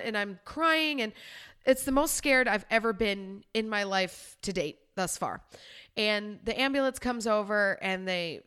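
Smooth-voiced woman sharing a personal story. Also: medium pitch, sharp tone. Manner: candid, emotional, conversational with fillers. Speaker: podcast host and life coach.

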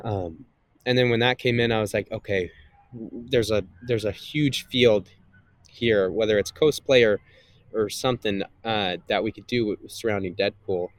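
A man's voice: fairly low pitch, normal speed, no echo. A man, a guest and content creator, chatting casually in an interview with a slightly nasal voice, rambling with many fillers and restarts.

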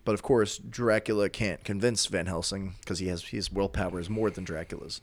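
Low voiced dude recapping a movie, super rambly, lots of likes and restarts. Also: male voice, steady tone, fairly quick. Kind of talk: casual chat.

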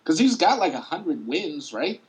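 A man's voice: fairly high pitch, sing-song, moderate pace, poor audio. A man in casual sports chat, easygoing and slangy.

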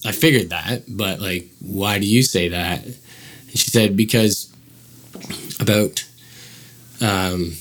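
A man's voice: deep voice, slow pace, pauses often, a bit bright, breathy edge. A man casually telling a personal story as a guest, rambling with many fillers and acting out quoted dialogue.

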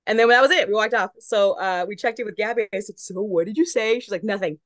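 Lively woman telling a story. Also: medium pitch, fast, dry recording. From Long Beach, California. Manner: lively storyteller, acts out quotes. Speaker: guest correspondent. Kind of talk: casual chat.

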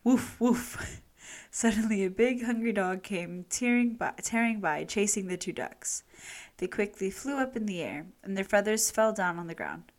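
A woman reading a children's story aloud, expressive and unhurried. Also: mid-range voice.

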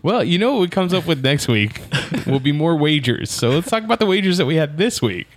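A man's voice: on the high side, sing-song, fairly quick. A man hosting a casual podcast chat, often stalling and restarting as he leads the talk. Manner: rambling, full of restarts. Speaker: podcast host.

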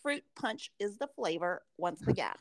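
A woman in her forties co-hosting a podcast, chatting casually and swearing freely as she tells animated stories. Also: fairly low pitch, normal speed, dry recording. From American. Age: 40s. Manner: profane, animated storytelling. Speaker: podcast co-host. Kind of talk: casual chat.

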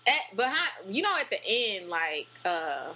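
A woman chatting casually, animated and full of fillers and restarts. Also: medium pitch, measured pace, slight background noise, rough recording. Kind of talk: casual chat.

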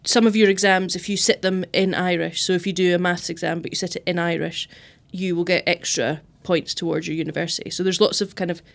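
Female podcast co-host from Fife, mild accent, low register, thoughtful talker. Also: fairly even intonation, a little fast, gravelly, hardly any pauses. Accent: Fife Scottish, mild. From Scotland, Fife. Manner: thoughtful, explains at length, laughs easily. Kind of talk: casual chat.

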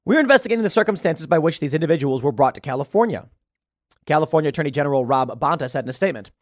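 A podcast host reads news aloud and delivers sarcastic political commentary, tripping over his words now and then. His voice is a little high, expressive, and rapid-fire, and the recording is dry with no echo.

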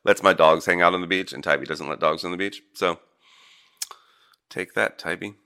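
Man from Ohio, low voice, bright edge, Central Ohio accent, jokey casual host. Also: normal speed. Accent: Central Ohio American. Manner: jokey, laughs often. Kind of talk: casual chat.

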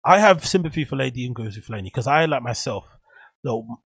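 A man's voice: mid-range voice, lively intonation, fairly quick, vocal fry, fairly bright tone, slightly rough. A man hosting a solo podcast, rambling through opinionated hot takes and swearing casually. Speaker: podcast host.

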